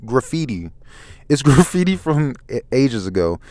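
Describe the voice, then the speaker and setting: Man, soft-spoken ASMR comic reading, halting, stumbling, very slow, dry close sound. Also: medium pitch, very animated, no echo. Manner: halting, stumbles over words and apologizes. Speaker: ASMR manga reader.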